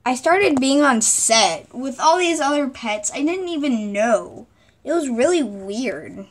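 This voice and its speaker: High-voiced woman narrating a pet story. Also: expressive, takes it slowly. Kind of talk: homemade role-play narration.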